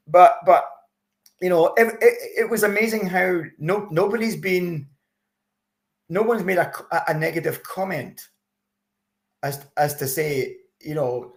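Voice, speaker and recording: A man's voice: high-pitched, slow pace. A man from Scotland, a guest in an interview, telling anecdotes in a chatty, hesitant way with many repeated words. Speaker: interview guest, expat campaigner. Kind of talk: casual conversational interview.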